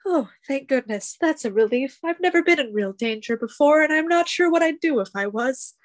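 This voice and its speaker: A woman's voice: sits high, expressive, fairly quick. Woman playing a flustered, polite teenage bard. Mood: anxious. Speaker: player.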